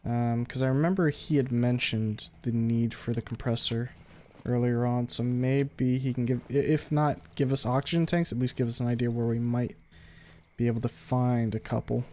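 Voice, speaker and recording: A man's voice: medium pitch, fairly even intonation, moderate pace, a little mellow. Man thinking aloud while gaming. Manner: thinking aloud, casual, swears. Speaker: streamer. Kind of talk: live gameplay commentary.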